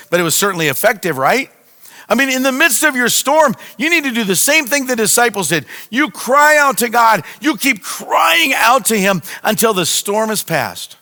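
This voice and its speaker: A man's voice: extremely high pitch, bright, forceful tone. A man pastor preaching a sermon with impassioned, repetitive cries to his listeners. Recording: long hall reverb.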